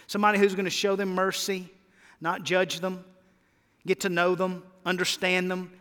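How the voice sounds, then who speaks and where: A man's voice: sits high, bright, forceful tone. A male pastor preaching a sermon, emphatic and calling for the congregation to answer back. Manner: emphatic, calls for congregation responses. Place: church sanctuary. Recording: long hall reverb.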